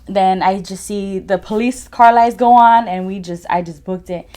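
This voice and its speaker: A woman's voice: medium pitch, fairly even intonation, moderate pace, dark tone. A young woman giving a personal testimony as a podcast guest, talking casually with frequent "like" and "you know" fillers. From California.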